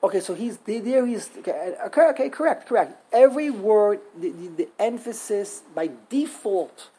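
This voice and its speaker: A woman's voice: mid-range voice, animated, moderate pace, mellow, husky, poor audio. A woman teaching Hebrew grammar in a classroom lesson, emphatic, often repeating herself and sounding out words syllable by syllable.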